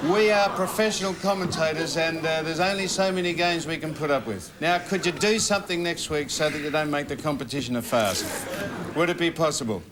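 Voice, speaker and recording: A man's voice: a little high, fairly quick. A man playing a commentator, ribbing a guest in a mock-stern way on a live panel show. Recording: studio audience and noise.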